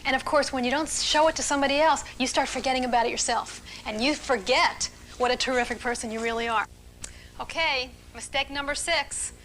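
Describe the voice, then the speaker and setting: A middle-aged woman leading a seminar for a live audience, talking in an animated, emphatic and playful way. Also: sits high, fairly quick, slight background noise. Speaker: relationship speaker leading a seminar.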